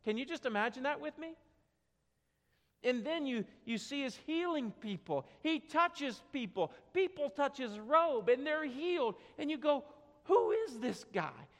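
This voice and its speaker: A man preaching a sermon, telling a story with dramatic swings from quiet to loud, in a church sanctuary. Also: very high voice, lively intonation, measured pace. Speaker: pastor. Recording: long hall reverb.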